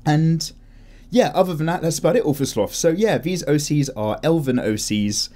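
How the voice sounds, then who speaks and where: A young man hosting a relaxed drawing vlog, chatting casually and rambling with frequent self-corrections. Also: fairly high pitch, moderate pace. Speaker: art channel host. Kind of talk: casual chat while drawing.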